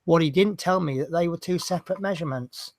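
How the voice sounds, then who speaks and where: A man's voice: fairly high pitch, fast, darkish tone, a little hiss or hum. A man hosting a casual hobby show, rambling through jokes and banter. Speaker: host. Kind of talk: casual chat, telling jokes.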